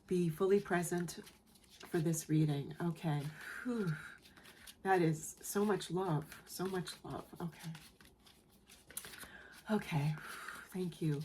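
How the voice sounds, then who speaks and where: Soft-spoken woman giving a tarot reading. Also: lowish voice, slow, pauses often, slight background noise. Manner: soft, emotional, repeats phrases, frequent okay. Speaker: tarot reader.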